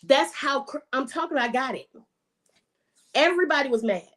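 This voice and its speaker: High-voiced woman, emphatic faith testimony. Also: lively intonation, moderate pace, fairly bright tone. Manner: emphatic, repeats phrases for emphasis. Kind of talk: casual faith testimony on a podcast.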